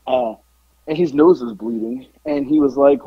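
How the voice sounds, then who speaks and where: A man telling wrestling stories in a casual podcast chat, profane, jumping into loud voices when quoting people. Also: fairly high pitch, moderate pace, gravelly, slightly rough, no echo, muffled recording. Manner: animated, profane, acts out quotes in raised voice. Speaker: podcast guest, former pro wrestler. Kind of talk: casual storytelling.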